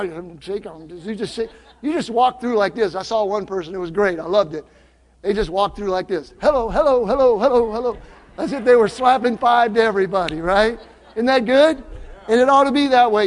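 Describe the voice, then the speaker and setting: A high-pitched man preaches with an upbeat, teasing warmth toward his congregation. His voice rings through a church sanctuary with a long, lingering reverb. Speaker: pastor. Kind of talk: sermon.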